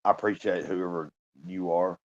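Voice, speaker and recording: A man in his fifties talking alone on a live stream, downcast and halting, sighing and swearing often. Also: low-pitched, fairly even intonation. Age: 50s. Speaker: livestreamer. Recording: muffled lo-fi stream audio.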